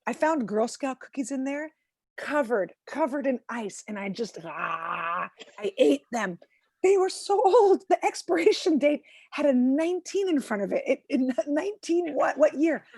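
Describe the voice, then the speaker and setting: A woman in her forties performs stand-up from home over a video call, her voice sitting a little high. She mocks herself, acts out other people's lines and shouts her punchlines. The sound is close and dry, with no room around it. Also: lively intonation, a little slow, no echo. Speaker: stand-up comedian.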